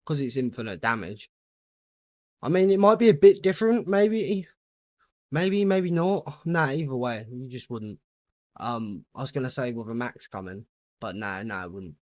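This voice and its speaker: A young man with a British accent talks through his livestream in a relaxed, chatty way, greeting viewers by name and answering their questions as he plays. His voice sits at an ordinary middle pitch. The sound is dry and close, with no room echo. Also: moderate pace. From United Kingdom. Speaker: gaming livestreamer. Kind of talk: casual livestream chat while playing.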